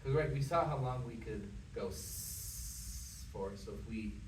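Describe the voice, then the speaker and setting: Brief: encouraging male voice coach, mid pitch, heard from across a noisy, echoey room. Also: unhurried. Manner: patient, encouraging, hesitant with many fillers. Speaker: voice teacher. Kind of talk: one-on-one singing lesson. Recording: echoey room, mic far off, background noise.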